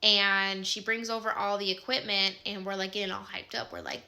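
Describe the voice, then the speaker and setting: A woman's voice: medium pitch, flat delivery, moderate pace, vocal fry, few pauses, pushed and bright. A woman in her thirties with a Midwestern American accent, casually telling a personal story with lots of "like" and "um". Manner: chatty, many fillers like "like" and "um".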